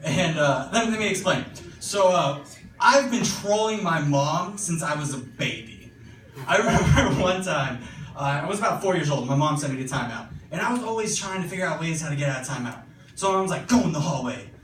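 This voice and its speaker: A man's voice: fairly high pitch, animated, fairly quick, fairly bright tone, reverberant, distant mic, a little hiss or hum. A young man performing a casual, profane stand-up set, full of fillers and self-deprecation. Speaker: stand-up comedian. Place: comedy club stage with audience laughter.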